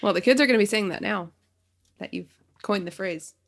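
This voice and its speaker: A woman's voice: mid-range voice, brisk, vocal fry. Woman, thirties, casual podcast chat, easygoing, agreeable, laughs often. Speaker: podcast co-host.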